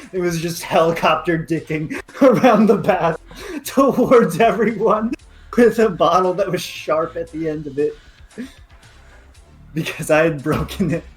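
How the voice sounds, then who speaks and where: Slightly high man telling crude stories. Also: a little slow, soft background music. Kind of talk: casual storytelling.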